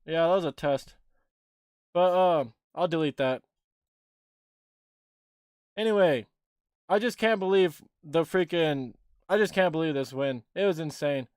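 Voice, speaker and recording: A young man hosting a casual livestream, rambling excitedly about a game he just watched and swearing casually. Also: on the high side, measured pace, pauses often, clean tone, no echo, studio quality. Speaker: livestream host and sports fan.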